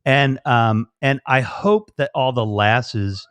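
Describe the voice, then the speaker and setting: American man, livestream host, flirty banter, trailing fillers, mid pitch, dry close sound. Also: slow, fairly bright tone, smooth, no room sound. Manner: playful, flirty, rambling with many fillers. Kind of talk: casual livestream chat.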